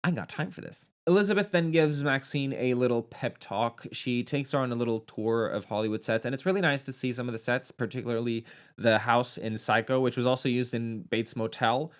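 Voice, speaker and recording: A man's voice: medium pitch, fairly quick, smooth. A man giving a casual, sarcastic movie review, campy and swearing freely as he retells the plot.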